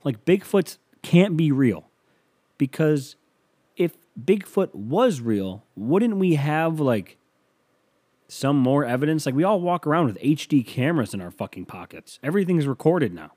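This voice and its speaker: A man's voice: a little high, big pitch swings, a little slow, mellow. A man hosting a solo comedy podcast, delivering a rambling, sarcastic monologue full of swearing. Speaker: podcast host.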